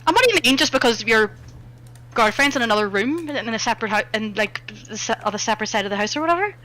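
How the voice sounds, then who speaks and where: West belfast woman ribbing her mates over a game, sharp bright voice, playful. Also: on the high side, lively intonation, quick pace, rough recording. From West Belfast, Northern Ireland. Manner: teasing, playful. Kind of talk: casual chat with friends while gaming.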